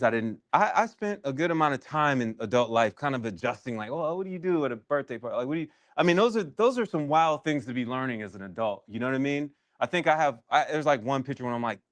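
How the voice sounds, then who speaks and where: A deep-voiced man running a workshop session tells an honest personal story, pausing reflectively and frequently starting his sentences over. The recording sounds dry.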